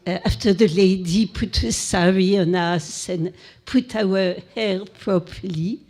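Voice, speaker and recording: An older woman with a French accent, recounting memories to an audience in halting English, with many pauses and fillers. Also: on the low side, fairly even intonation, a little mellow. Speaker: guest speaker.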